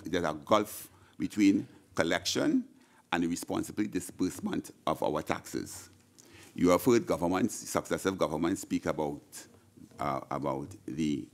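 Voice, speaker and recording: A man whose gravelly voice sits low speaks into a desk microphone in the senate chamber. Middle-aged and from Trinidad and Tobago, he has a Trinidadian accent and gives a passionate budget speech, frequently repeating words and restarting his sentences.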